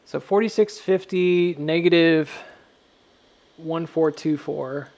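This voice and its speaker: Gravelly, rambling chart vlogger man. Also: a little high, steady tone, slow pace, a little mellow. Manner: rambling, self-mocking. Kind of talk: casual chart commentary.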